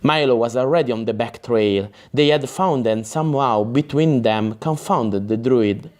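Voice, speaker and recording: A man reading a fantasy novel aloud as an audiobook narrator, careful and measured, sometimes restarting a word. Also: mid-range voice, a little mellow.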